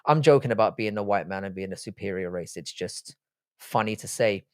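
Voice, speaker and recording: A man's voice: fairly low pitch, brisk, clear, resonant tone, dry recording, clean studio sound. A man hosting a livestream in a casual, offhand and profane way, reading chat messages aloud and replying to them. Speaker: livestream host.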